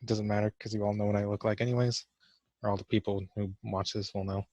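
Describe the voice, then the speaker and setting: A man's voice: on the low side, little pitch movement, fast talker, darkish tone, no echo, muffled recording. A young man giving casual let's-play commentary for a class vlog, awkward and joking at his own expense. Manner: awkward, self-mocking joking. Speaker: gamer doing a class vlog.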